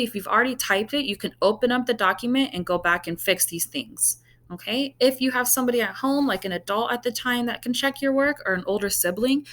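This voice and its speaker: A woman's voice: medium pitch, fairly bright tone. Patient woman teacher, step by step. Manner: patient, explains step by step with frequent "okay?" checks. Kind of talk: recorded online class lesson.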